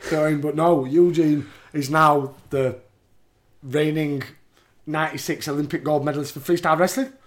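Man, podcast host, casual wrestling recap, high-ish voice, laughs a lot. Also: fairly even intonation, a little fast. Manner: laughs often, reads out rankings.

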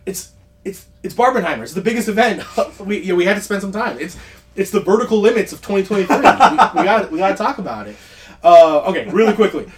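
A man co-hosting a podcast, chatting casually about movies, rambling with quick asides and frequent laughs. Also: high voice, animated. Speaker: podcast co-host.

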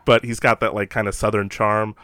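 A man's voice: on the low side, little pitch movement, a little fast, bright, forceful tone, clear, resonant tone, no room sound. A man co-hosting a casual podcast from home, rambling with enthusiasm and lots of fillers. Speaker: podcast co-host. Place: home room.

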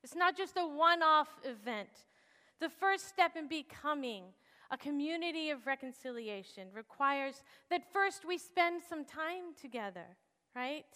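A woman pastor preaching a sermon and telling a personal story in an animated, expressive way. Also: high voice, measured pace, big-room sound.

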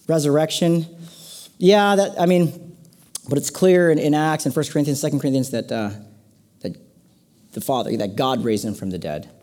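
A man's voice: on the high side, normal speed, long pauses, a little mellow. A man preaching a casual, conversational sermon to a congregation, with playful asides. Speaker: pastor.

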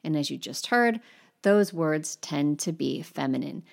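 A woman teaching French to English speakers, in a brisk and reassuring way, pronouncing sample French words with an exaggerated accent. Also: sits low, expressive, gravelly, darkish tone. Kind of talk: instructional course overview. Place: lives in Paris.

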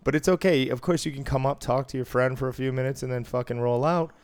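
A man's voice: medium pitch, fast, a little mellow, clean tone. A man chatting casually as a casino dealer, telling loose, profane work stories and chuckling often. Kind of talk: casual podcast chat.

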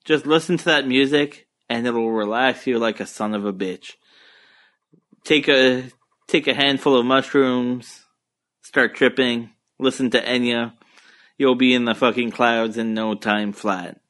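Medium in pitch with fairly even intonation, his voice is a little slow and fairly bright. This young Acadian French-accented host from Moncton, New Brunswick, eastern Canada, does a solo podcast on his home couch, rambling in a crude, profane, laid-back way.

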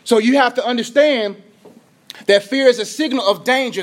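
A man preaching a sermon as a pastor, energetic, dropping from loud to hushed, sometimes stuttering and tripping over his words. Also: very high-pitched, moderate pace.

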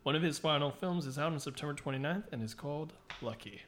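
A man's voice: a little high, fast, fairly bright tone. A man co-hosting a podcast, reading news items and joking around. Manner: jokey, puts on mock spooky announcer tones. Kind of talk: casual chat and news segments.

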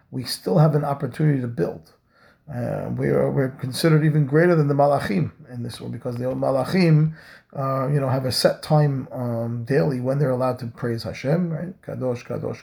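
Gravelly, mellow-voiced rabbi teaching. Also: male voice, mid-range voice. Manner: earnest, repeats phrases for emphasis; mixes in Hebrew terms. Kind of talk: Torah lesson.

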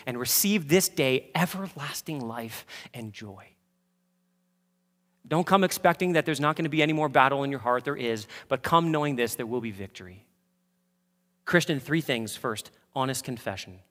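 A man preaching a sermon as pastor, moving from quiet asides to fervent, impassioned peaks. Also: mid-range voice, animated, moderate pace, big-room sound. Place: church sanctuary.

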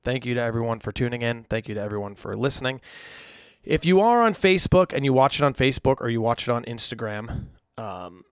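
A man's voice: medium pitch, expressive, fairly quick, clean tone, no echo, studio quality. A young man hosting his own podcast alone in his room, chatting casually into a microphone in a rambling, self-deprecating way. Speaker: podcast host. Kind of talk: casual solo podcast chat. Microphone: studio microphone.

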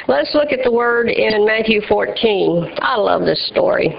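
A woman's voice: on the high side, animated, a little slow, vocal fry. A woman preaching a sermon in an emphatic, rhythmic style, speaking to a responding congregation. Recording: dull lo-fi church recording.

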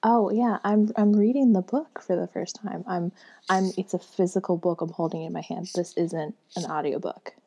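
A woman's voice: lowish voice, fairly even intonation, moderate pace, mellow. A young woman casually talking about a short story she read, rambling with lots of fillers and dipping into whispers now and then. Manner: rambling, chatty, many fillers. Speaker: book reviewer. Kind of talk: casual book chat.

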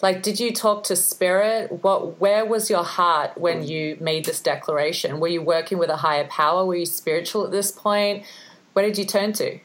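A woman's voice: on the low side, steady tone, normal speed, rough recording. A woman hosting a podcast interview, empathetic and firing off strings of probing questions. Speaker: podcast host.

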